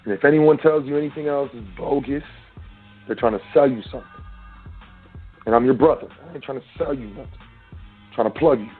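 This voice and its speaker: On his internet call-in show, a host with a middle-pitched, breathy-edged voice preaches at listeners in street-casual speech, brisk yet with long pauses. The sound is thin and phone-like, with faint music in the background.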